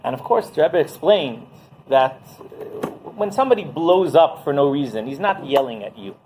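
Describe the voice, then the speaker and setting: A man teaching as a rabbi, telling a story in a lively way and often asking "right?" as he goes. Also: fairly high pitch, moderate pace, slight background noise, poor audio. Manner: animated, keeps asking "right?". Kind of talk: Torah class storytelling.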